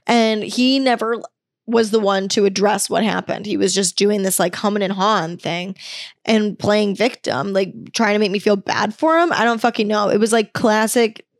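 A woman's voice: mid-range voice, normal speed, dry recording, clean studio sound. A young woman hosting a solo podcast, telling a story in a candid, exasperated way and swearing freely. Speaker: podcast host.

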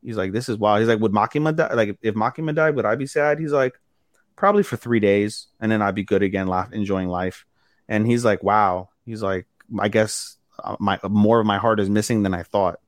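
Speaking a little fast in a lowish voice, a male podcast co-host casually recaps an episode. He animates it by acting out the characters' lines, leaning heavily on "he's like." The sound is clean studio audio with no room sound.

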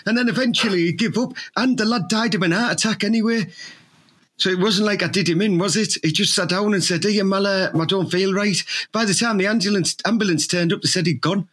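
High, husky lad, boastful rambling comic podcast host. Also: male voice, fairly quick, a bit bright. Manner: boastful, rambling, repeats slang. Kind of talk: improvised comedy chat.

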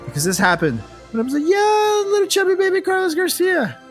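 A man's voice: very high-pitched, wildly swooping pitch, a little fast, soft background music. A young man hosting a comedy podcast, telling a funny personal story in a profane, laughing, playful way.

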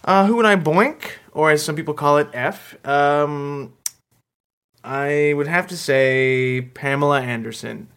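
Hesitant deadpan male podcast host. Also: a little high, measured pace, clean tone. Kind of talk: comedy podcast chat.

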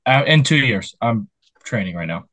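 Young man, mid pitch, jokey news banter, dry room. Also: animated, normal speed, fairly bright tone, dry recording. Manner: jokey, laughs while talking. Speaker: podcast co-host reading news stories. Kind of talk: casual chat.

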